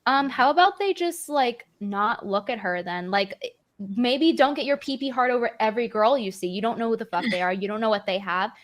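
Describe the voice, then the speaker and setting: A woman's voice: fairly high pitch, fairly quick. A woman speaking on a casual podcast panel, earnest and rambling, making emphatic points.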